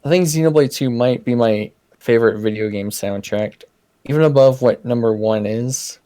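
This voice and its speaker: A man's voice: medium pitch, normal speed, warm tone. A man co-hosting a podcast, chatting casually and gushing with enthusiasm about what he loves. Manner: enthusiastic, gushing with fan praise. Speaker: podcast co-host.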